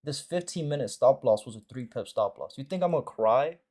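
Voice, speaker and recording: A man's voice: medium pitch, animated, fairly quick, darkish tone. A man hosting a live trading stream, talking casually and bluntly to viewers, swearing and repeating short phrases for emphasis. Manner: blunt and profane, talks straight to viewers with slang. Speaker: forex trading mentor and stream host.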